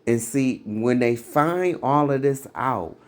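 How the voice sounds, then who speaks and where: Man, religious commentator, blunt, mocking, mid-pitched voice, fiery. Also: slow pace.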